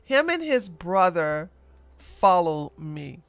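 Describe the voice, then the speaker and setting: A woman hosting a casual commentary livestream, chatty and animated, laughing as she reacts. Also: on the low side, slow pace, no room sound. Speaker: livestream host.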